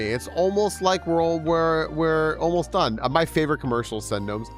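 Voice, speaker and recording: A man's voice: on the high side, moderate pace, faint music behind. A young man streaming a game, chatting casually, laughing and greeting his chat.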